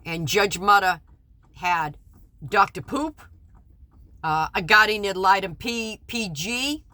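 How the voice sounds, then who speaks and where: Tense, halting woman recounting a court ordeal. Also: medium pitch, no echo. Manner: halting, with many restarts and stammered repeats; swings between loud indignation and quiet apology. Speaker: mother recounting a custody case. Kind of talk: personal testimony.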